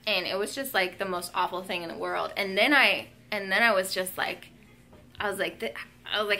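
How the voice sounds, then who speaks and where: A woman's voice: medium pitch, steady tone, a little fast, pushed and bright. A young woman vlogging at home, telling a story in a casual, emotional way, full of "um" and "like". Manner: emotional, lots of fillers like "um" and "like".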